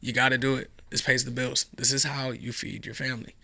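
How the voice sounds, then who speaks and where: A man's voice: medium pitch, level tone, brisk, pushed and bright. A man hosting his own show, talking alone in a casual, rambling way, sarcastic and dropping into a whisper for effect. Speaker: podcast host. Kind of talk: casual solo commentary.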